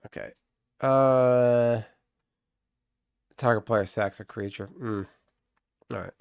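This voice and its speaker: A man in the middle of live gameplay commentary, muttering and trading insults with an unseen opponent. His voice sits at a mid pitch and sounds close and dry, with no room around it. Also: slow pace, gravelly, a little mellow, smooth, no room sound. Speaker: streamer.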